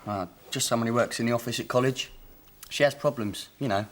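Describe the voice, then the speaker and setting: A young actor playing an easygoing college lad. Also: male voice, medium pitch, a little fast, fairly bright tone, close to an everyday voice. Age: young adult. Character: laid-back young college lad, her son.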